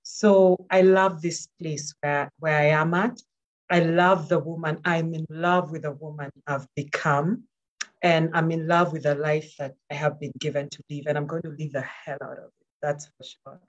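A woman with a notably low voice speaks as a panel guest. She gives heartfelt personal testimony in an earnest, encouraging way, often repeating words for emphasis. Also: lo-fi sound.

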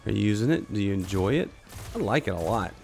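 A gaming streamer with a cold talks fast and animatedly in a lowish, darkish voice with vocal fry, coughing now and then. He casually comments on his live gameplay and chats with teammates and viewers, with faint music behind him.

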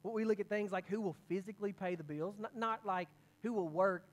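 A man preaching a sermon as pastor, telling a story with energy and many quick restarts. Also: sits high, steady tone.

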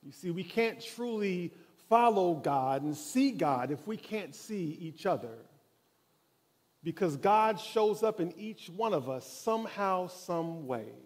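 A man's voice: high-pitched, expressive, slow, a little mellow. A man preaching a sermon in a church, telling a story with dramatic, building intensity. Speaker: pastor. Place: church sanctuary.

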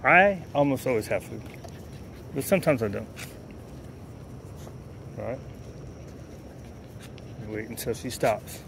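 A man's voice: medium pitch, animated, takes it slowly, gravelly, long pauses, background noise. A man vlogging casually while he trains his dogs, telling stories between short, firm commands. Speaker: dog trainer. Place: outdoors with dogs.

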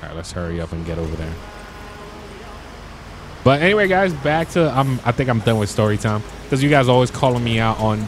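A young man telling stories in a casual, slangy way while commenting on his gameplay, getting excited as he talks. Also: mid-range voice, a little fast, noisy background. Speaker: gaming YouTuber.

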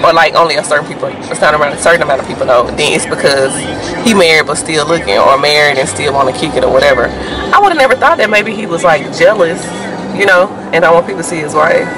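A woman's voice: low voice, animated, quick pace, music in the background, low-quality recording. A woman in her forties, vlogging in a chatty, slangy, casual way while holding a phone camera inside a car. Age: 40s. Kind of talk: casual chat.

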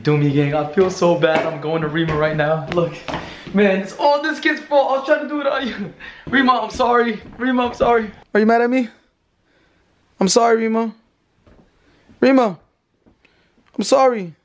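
A man's voice: high-pitched, moderate pace, long pauses, a little hiss or hum. A young man in his twenties, playfully teasing kids while filming a casual prank vlog. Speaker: vlogger.

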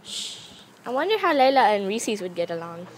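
A teenage girl with a groggy just-woken-up voice, excitedly chatting over her pets outdoors while filming. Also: medium pitch, normal speed. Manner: excitable, gushing over kittens. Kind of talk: casual chat. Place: outdoors in a yard. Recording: noisy outdoor home video.

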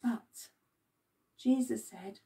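A woman's voice: on the high side, drawn-out words, vocal fry, dark tone, breathy edge, far from the mic. A woman leading a children's Bible club, telling the story expressively and asking the children questions.

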